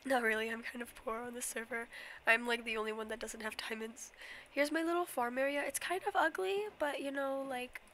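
A woman's voice: fairly high pitch, fairly even intonation, fairly quick, pushed and bright, slight background noise. A young woman, a bit sick, chatting through a casual game stream, rambling and giggly with lots of fillers and apologies. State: slightly sick. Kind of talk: casual Minecraft stream tour.

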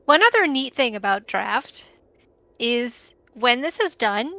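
A slow-talking woman with a bright, crisp edge patiently walks through a card draft. Her audio is a little dull and lo-fi. Game music sits faintly behind her. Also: on the high side, very animated, no room sound. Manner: patient, explanatory, laughs often. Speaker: guest co-host explaining the game. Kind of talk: casual game stream chat.

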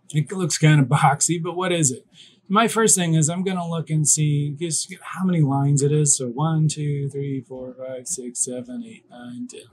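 A man's voice: fairly high pitch, husky. A man teaching a recorded online class, talking casually and thinking aloud as he works through an example step by step.

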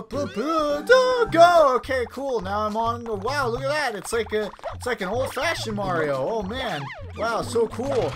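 A man giving gameplay commentary, excitable and quick to yell in frustration before muttering again. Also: sits high. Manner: excitable, swings between muttering and frustrated shouting. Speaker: let's play host. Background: game music.

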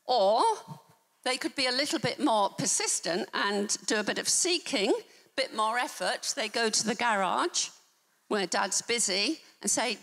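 A woman's voice: on the high side, expressive, a little slow, a bit bright. A woman preaching a sermon in a church, emphatic and teacherly, with wry asides. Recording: church hall reverb.

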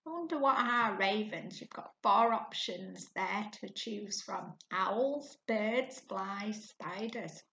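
A woman teacher guiding a reading lesson, asking her pupils questions patiently and often clearing her throat. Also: medium pitch, lively intonation, a bit bright, a little hiss or hum. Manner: slow and patient, asks questions to the class. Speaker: primary school teacher. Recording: echoey room, dull lo-fi sound.

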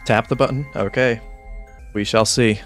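A man's voice: on the low side, fairly even intonation, moderate pace, soft background music. A man streaming a horror game, joking and rambling through casual commentary. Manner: joking, rambling, mock-indignant.

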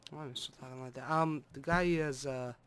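Over loud music in the room, a man talks through a game into a desktop mic, rambling casually with plenty of hums and side comments. His medium-pitched voice is smooth and fairly even, and he speaks fairly quickly. He hosts let's play videos.

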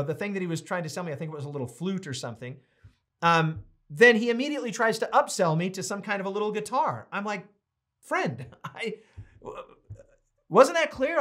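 A man's voice: high voice, fairly bright tone. An American man leading a casual Bible study, reading passages aloud and telling chatty stories between them. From United States. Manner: chatty and anecdotal, reads quotes aloud. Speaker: Bible teacher.

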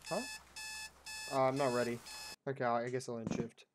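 A man's voice: mid-range voice, flat delivery, moderate pace, slight background noise. A young man casually commenting while he plays a game, joking and talking back to the customers on screen. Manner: jokey, reactive, talks to customers while playing. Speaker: gameplay commentator. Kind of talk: let's play commentary.

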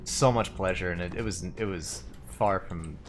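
A man's voice: deep voice, moderate pace, a little hiss or hum. A man giving joking, profane let's play commentary while playing a game, laughing often.

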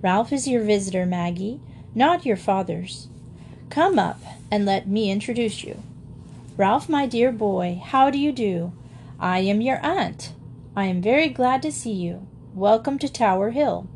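A woman voicing a gentle, gracious aristocratic mother in a storybook. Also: medium pitch, expressive, measured pace, slight background noise. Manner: gracious, warm welcoming.

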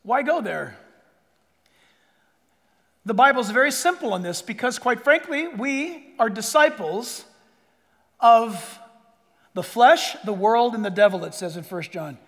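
A man preaching a sermon to a church congregation, with a rather high voice. He is animated, acting out little voices and then dropping to a hush for emphasis. The sound rings with the long reverb of a big sanctuary. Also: a little slow, long pauses. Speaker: pastor.

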